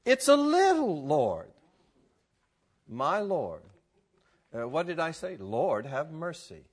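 A man leads a Bible class in a high, bright voice that leaps up and down as he gets worked up. He laughs often and breaks into sudden exclamations, talking to the people in the room. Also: huge pitch swings, slow, pauses often, breathy edge. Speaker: Bible teacher. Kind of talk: animated teaching to a live group.

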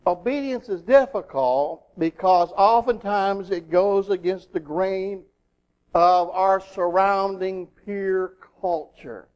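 A middle-aged man preaching a sermon in an animated way, acting out little voices in his asides. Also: high voice, slow pace, highs cut off.

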